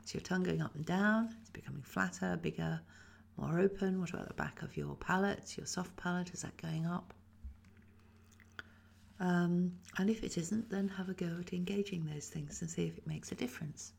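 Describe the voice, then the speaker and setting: Husky gravelly woman teaching voice. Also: lowish voice, moderate pace. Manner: calm, instructive, demonstrates sounds. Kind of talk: guided voice exercise.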